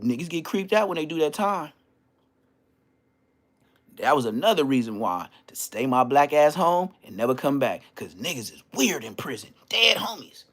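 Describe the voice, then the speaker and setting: A man telling stories as a podcast guest, in slangy, animated casual talk full of restarts. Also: a little high, moderate pace. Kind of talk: casual storytelling.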